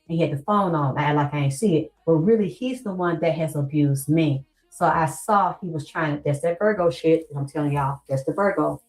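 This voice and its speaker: A woman's voice: normal speed, a little mellow, rough recording. Heated, cursing woman on a livestream. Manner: heated, profane, quotes others in lowered voice. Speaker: livestreamer addressing viewers. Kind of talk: emotional livestream rant.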